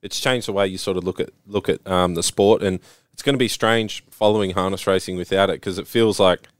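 Low, smooth male co-host, laconic, short answers. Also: fairly even intonation, a little fast, dry recording, clean studio sound. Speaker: podcast co-host. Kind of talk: casual chat.

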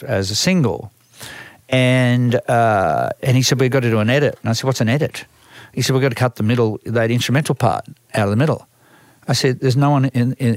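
A man's voice: mid-range voice, no room sound, clean studio sound. Older Australian man telling stories. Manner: rambling, many restarts and repeated words. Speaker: music manager, guest. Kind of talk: storytelling interview.

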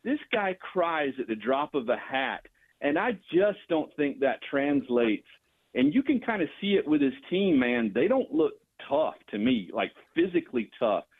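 A man calling in to a sports radio show, talking in an animated, rambling, mocking way. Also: a little high, moderate pace. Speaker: caller. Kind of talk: sports talk radio call. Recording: phone line.

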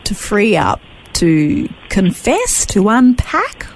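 A woman hosting a radio interview, asking her guest gentle, reflective questions. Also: mid-range voice, huge pitch swings, slow, slight background noise, rough recording.

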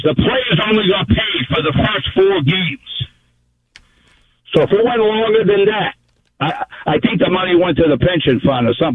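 A man calling in to a sports radio show, telling an earnest, rambling story. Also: high voice. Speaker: caller. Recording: tinny phone line.

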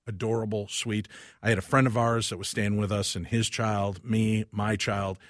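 Husky low-voiced man telling a story. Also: no room sound, clean studio sound. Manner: animated, acts out the dialogue of each person. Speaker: radio guest host. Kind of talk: personal storytelling on talk radio.

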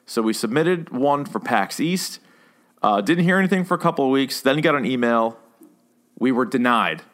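A man's voice: mid-range voice, lively intonation, moderate pace, a bit bright. A man co-hosting a podcast, ranting in casual banter with mock outrage and frequent swearing. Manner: indignant, profane, mock-outraged. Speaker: podcast co-host.

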